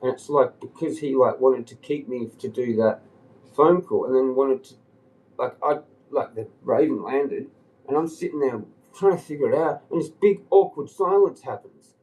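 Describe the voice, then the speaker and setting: A man's voice: mid-range voice, moderate pace, darkish tone, low-quality recording. A man on a livestream telling a long rambling story, agitated and swearing often. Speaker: live streamer.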